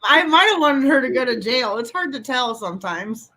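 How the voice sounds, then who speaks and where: A woman's voice: sits high, lively intonation, normal speed, a crowd in the background. A woman hosting a casual chat with fellow comedians, laughing often and greeting viewers as they join. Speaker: podcast host.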